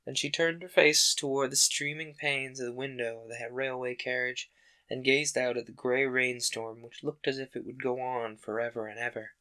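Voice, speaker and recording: Bright-voiced man reading a story aloud. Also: medium pitch, little pitch movement, normal speed, smooth. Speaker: podcast host reading a book aloud. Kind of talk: audiobook-style narration.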